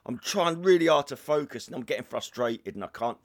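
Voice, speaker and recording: A man's voice: medium pitch, animated, fairly quick. A young man hosting a podcast, telling rambling, jokey stories with crude asides in casual chat. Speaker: podcast host.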